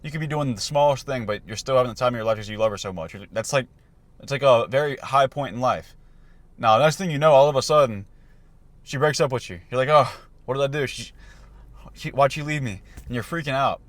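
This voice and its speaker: A young man talking casually about handling life's ups and downs, loose and conversational with frequent restarts. His voice sits at an ordinary pitch. The sound is close and dry, with no room around it. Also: quick pace, dry recording. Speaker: self-improvement coach. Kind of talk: casual motivational talk to camera.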